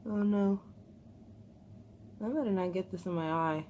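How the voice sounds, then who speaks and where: Trying something new at home, a nervous young vlogger laughs a lot and addresses the camera directly in casual beauty-vlog chat. Her voice is low and warm with an unhurried pace, though the recording cuts off the highs and carries a little hiss or hum.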